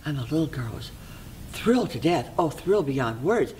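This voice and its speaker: Library volunteer telling a fairy tale, expressive, goes soft and whispery sometimes, middle pitch. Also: normal speed, a little hiss or hum, rough recording. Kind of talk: fairy tale read-aloud.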